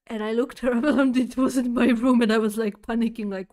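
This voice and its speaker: Talking to her chat, a woman streamer tells a nightmare story in a loose, rambling way, with lots of fillers, restarts and giggles. Her voice is a little high, steady and a little mellow, and she speaks a little fast with hardly any pauses.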